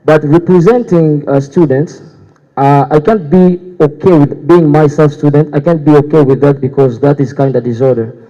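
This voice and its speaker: Young man, mellow dark voice, hesitant debate answers, echoing hall. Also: fairly high pitch, fairly even intonation, moderate pace. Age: young adult. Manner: hesitant, many fillers and restarts. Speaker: student guild candidate. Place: university hall. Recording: dull echoey hall sound.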